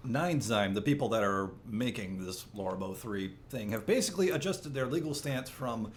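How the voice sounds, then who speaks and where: A man's voice: mid-range voice, expressive, normal speed, hardly any pauses, slight background noise. Matter-of-fact podcast co-host, man. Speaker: podcast co-host running the slides. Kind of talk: casual roundtable chat.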